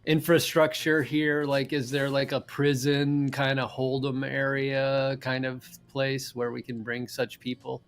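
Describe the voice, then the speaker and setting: A man's voice: medium pitch, little pitch movement, measured pace, few pauses. A man playing a tabletop game, chatting casually and rambling with lots of fillers. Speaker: player.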